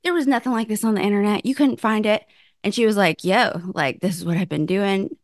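In a casual chat, a woman in her thirties tells her story at a brisk, animated clip, acting out her own and others' quotes with big leaps into a high voice. She swears freely, and the studio sound is close and dry with no room echo.

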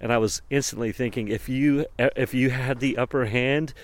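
A man's voice: medium pitch, steady tone, normal speed. A man talking alone in a reflective, rambling monologue, often chuckling and breaking off mid-thought.

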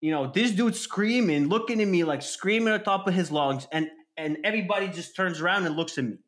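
A man telling an animated, casual story, full of fillers and swearing. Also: high-pitched, a little fast. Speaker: storyteller guest. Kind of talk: casual chat.

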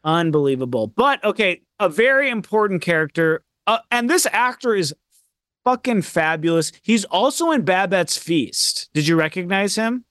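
High, lively man chatting about a film. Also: moderate pace, dry recording, studio quality. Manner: animated, acts out characters' lines. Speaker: podcast co-host. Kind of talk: casual film chat.

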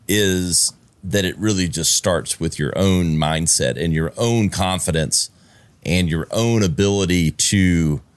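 Male podcast host, very deep voice, reflective, casual, dry close recording. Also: no echo. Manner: reflective, sums up the guest's points. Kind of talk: casual interview talk.

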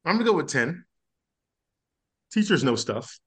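A man competing in a podcast trivia game, easygoing and quick to laugh. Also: a little high, very animated, breathy edge. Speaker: quiz contestant. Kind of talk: casual podcast chat.

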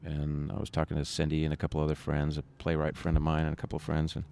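Male interview guest, deep gravelly voice, loose and rambling delivery. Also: monotone, fast, warm tone. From United States. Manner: rambling, with many restarts. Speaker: musician guest. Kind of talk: conversational interview.

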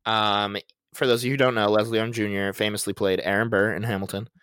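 A young man co-hosting a casual podcast, chatty and animated, swearing casually while telling stories. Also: on the low side, fast talker, clear, resonant tone, no room sound, clean studio sound. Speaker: podcast co-host.

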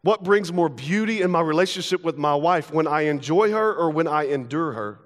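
Brief: young man, pastor preaching, slightly high voice, long hall reverb, casual and playful. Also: animated. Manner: casual, playful, acts out everyday dialogue in quick asides. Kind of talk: sermon. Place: church sanctuary.

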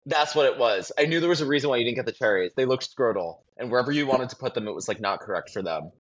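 A young man co-hosting a podcast, teasing his co-host in quick casual banter. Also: medium pitch, animated, muffled recording. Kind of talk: casual chat.

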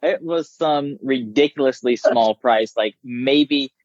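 A man who works as a business coach, talking casually and telling stories with lively impressions of others. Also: medium pitch, slow pace, dry recording, dull audio. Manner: animated storyteller, mimics voices. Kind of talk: casual conversation.

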